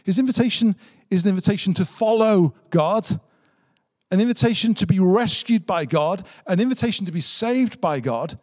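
A man preaches an Easter sermon in a dramatic storytelling manner, stacking repeated phrases for emphasis. His voice sits a little high for a man. The recording is dry and close, with no room echo. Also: animated, moderate pace. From Britain. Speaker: pastor.

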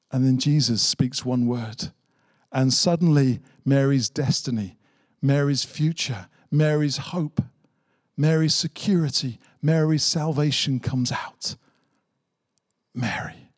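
A man's voice: mid-range voice, steady tone, unhurried, no room sound, clean studio sound. A man preaching an Easter sermon, telling the story dramatically and driving points home with emphatic repetition. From Britain. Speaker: pastor.

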